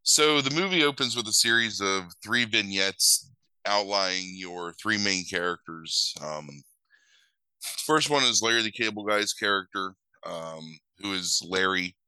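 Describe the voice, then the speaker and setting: A man's voice: fairly low pitch, a little slow, bright, forceful tone, clear, resonant tone, no room sound, poor audio. A man who is sick with a cold, recapping a film in casual, profane chat, rambling and correcting himself as he goes. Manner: rambling, crude, self-correcting retelling. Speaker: podcast co-host recapping a film.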